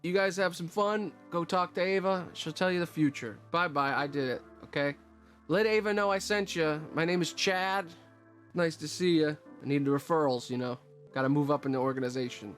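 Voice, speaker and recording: A man's voice: on the high side, moderate pace, soft background music, pitched above the performer's own voice, lightly acted. A man voicing a chummy, hard-drinking male recruiter who rambles in salesman patter.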